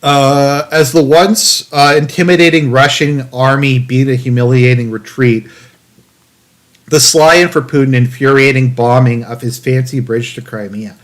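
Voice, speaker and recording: A man's voice: medium pitch, steady tone, a little slow. A man streaming live commentary, reading an article aloud in a raised, mock-dramatic tone and cutting in with dry, profane, sarcastic asides full of fillers. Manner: profane, rambling, many fillers.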